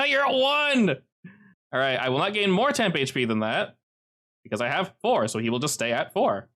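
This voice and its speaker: A man narrating as game master of an online tabletop game, with animated jumps in pitch. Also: a little fast.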